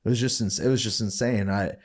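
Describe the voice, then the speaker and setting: Profane, laughing storyteller man, lowish voice. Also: fairly even intonation, quick pace. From Saint Paul, Minnesota, US. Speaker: guest, former fighter. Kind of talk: casual podcast storytelling.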